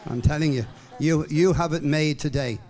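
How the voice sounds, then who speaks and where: A man's voice: on the high side, moderate pace, darkish tone. A man in his seventies from Ireland giving an upbeat, rambling speech to a room of fellow distributors, full of fillers and restarts. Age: 70s. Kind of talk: speech to a live audience. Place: hall with an audience.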